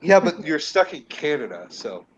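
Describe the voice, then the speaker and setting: A man's voice: a little high, very animated, normal speed, breathy edge. A man co-hosting a stream, teasing and laughing along in casual banter. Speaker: co-host. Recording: dull lo-fi stream audio.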